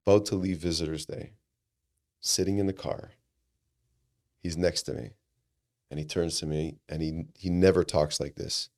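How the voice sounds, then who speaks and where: A man telling a personal story on a podcast, animated and earnest, often restarting his sentences. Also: sits low, normal speed, long pauses. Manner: animated, acts out quoted dialogue, frequent restarts; earnest and reflective. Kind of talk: conversational storytelling.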